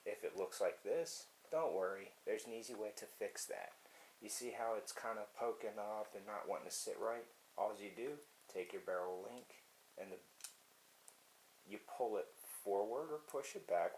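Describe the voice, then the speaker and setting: Casual male demo host, lowish voice, chatty and offhand, faint background hiss. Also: normal speed, rough recording. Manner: casual, talks to the viewer while working. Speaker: firearms video host. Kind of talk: casual how-to demonstration.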